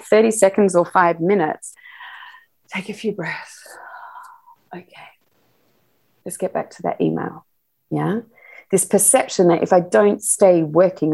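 A middle-aged woman talking casually as a podcast guest, animated and laughing often as she acts out little quotes. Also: medium pitch. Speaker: podcast guest, sex educator. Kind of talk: casual interview chat.

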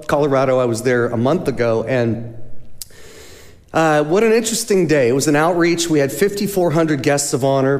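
A man speaking as a charity's guest speaker, telling stories in a lively sermon style and acting out the voices of the people he quotes. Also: mid-range voice. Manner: animated storyteller, acts out quoted voices. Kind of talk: storytelling sermon talk. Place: church sanctuary. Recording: long hall reverb.

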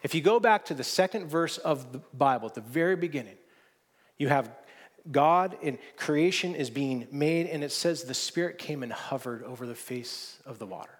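A man's voice: a little high, expressive, normal speed, breathy edge. A man preaching a sermon, earnest and often restarting his words, rising into emphatic stretches. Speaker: pastor.

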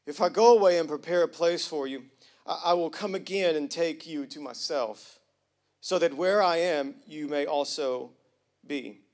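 A male pastor preaching a sermon with casual slang, swinging from hushed to loud and emphatic. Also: fairly high pitch, moderate pace. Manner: casual slang, jokes with the congregation.

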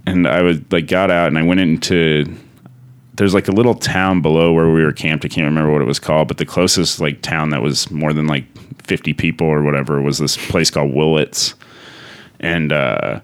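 Male comic guest, very low, smooth voice, loose rambling sweary storytelling. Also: steady tone, brisk. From Denver area. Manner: rambling, heavy swearing, many filler words. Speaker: comedian guest. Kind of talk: casual storytelling.

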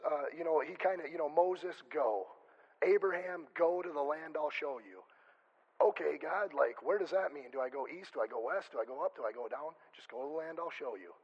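A male pastor delivers a conversational sermon, chatty and full of joking asides, frequently stopping and restarting mid-sentence. His voice is fairly high and husky, and the recording sounds muffled.

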